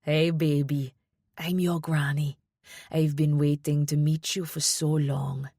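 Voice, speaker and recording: A warm, blunt older grandmother with a Jamaican accent, as a woman narrator puts her on. Her voice sits low and close, with no room around it. She speaks firmly and plainly in this storybook reading. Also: flat delivery, slow pace, dry recording, full character voice. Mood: tender.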